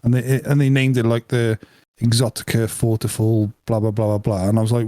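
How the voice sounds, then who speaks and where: A man's voice: on the low side, little pitch movement, brisk, mellow, no room sound. A man co-hosting a casual podcast chat, playful and joking. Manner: jokey, playful, laughs often. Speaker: podcast co-host.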